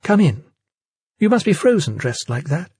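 A husky man doing a gentle, fragile woman in her forties. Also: lowish voice, very animated, moderate pace, no echo, clean studio sound, voice pushed up, exaggerated voice. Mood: welcoming. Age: 40s. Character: fragile, hospitable middle-aged woman.

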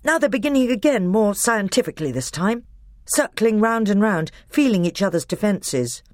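A woman voicing a tense, loyal boy who makes quick remarks in a storybook reading. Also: medium pitch, animated, no echo, clean studio sound, pitched above the performer's own voice, natural voice.

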